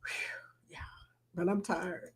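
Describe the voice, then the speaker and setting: A woman's voice: on the low side, level tone, slow pace, in a whisper. A middle-aged woman, hosting a casual livestream chat, reading viewer comments aloud and laughing often.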